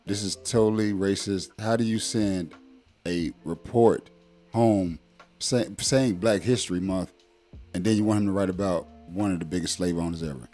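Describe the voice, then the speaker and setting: A man's voice: sits low, normal speed, warm tone, faint music behind. A man in his thirties speaking as a parent in a casual conversation, blunt and emphatic with many fillers. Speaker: guest parent.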